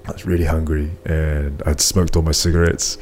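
A man's voice: extremely low pitch, level tone, normal speed, a little mellow, a little hiss or hum. A man from New Zealand with a New Zealand accent, hosting a podcast and telling a personal story casually, with plenty of fillers. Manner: storytelling, lots of "bro" and "um". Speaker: podcast host. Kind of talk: casual chat.

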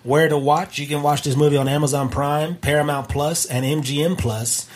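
A man co-hosting a casual movie review podcast, reading facts from his notes in an even-tempered way. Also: fairly high pitch, normal speed. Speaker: podcast co-host.

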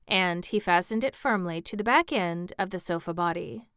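A woman narrating a storybook aloud in a steady, expressive reading. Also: on the low side, normal speed, clear, resonant tone, dry recording, clean studio sound.

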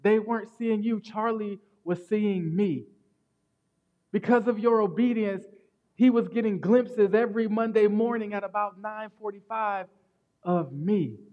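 A man preaching a sermon as pastor, telling stories in an animated way that swings from loud to hushed. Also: high voice, unhurried, dull audio.

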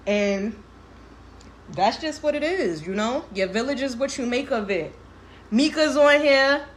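Tearful on her livestream, this twenty-something woman talks openly and with emotion, laughing often and cursing freely through thick slang. Her voice sits high with lively intonation, her delivery is a little slow, and there's a slight hiss or hum.

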